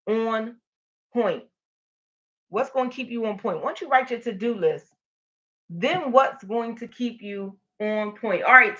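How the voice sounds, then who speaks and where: A woman's voice: on the high side, bright, forceful tone, highs cut off. A woman hosting a live stream, energetically encouraging viewers and reading their comments aloud. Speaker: motivational livestream host.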